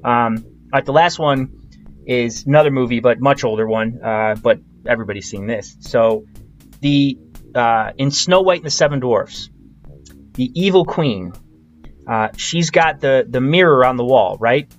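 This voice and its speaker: A man's voice: mid-range voice, animated, measured pace. A man hosts a casual podcast chat and quizzes his guest, talking loosely with many fillers and restarts. His voice comes through with a slightly dull, lo-fi sound. Faint music plays underneath. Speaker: podcast host.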